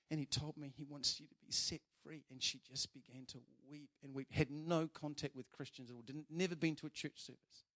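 A man over forty, preaching a sermon and telling a story with big swings between loud and soft. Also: fairly high pitch.

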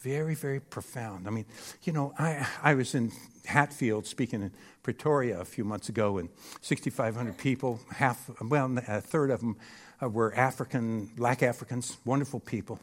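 A man preaching a sermon on a church stage, animated and emphatic, often checking in with the crowd. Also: mid-range voice, normal speed. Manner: animated and emphatic, with frequent rhetorical "Hello?" checks. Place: church stage before a live audience.

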